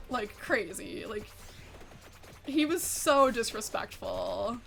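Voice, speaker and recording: A woman's voice: on the high side, lively intonation, moderate pace, a bit bright, soft background music. A woman streaming a game and chatting casually with her viewers, swearing freely and laughing often. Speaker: VTuber streamer. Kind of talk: casual livestream chat while gaming.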